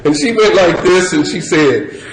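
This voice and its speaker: Middle-aged guy sharing at a recovery meeting, kinda high voice, laughs a lot, says you know constantly, echoey hall. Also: a little slow. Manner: animated storyteller, laughing, many "you know" fillers. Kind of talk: personal testimony share. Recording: echoey hall with crowd noise. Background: audience murmur and ambience.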